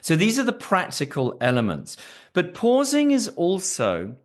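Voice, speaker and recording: A man with a British accent, a voice coach explaining his methods in an expressive, coaching way during a podcast interview. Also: a little slow. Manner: expressive, coaching tone with lively pitch. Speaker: executive voice coach.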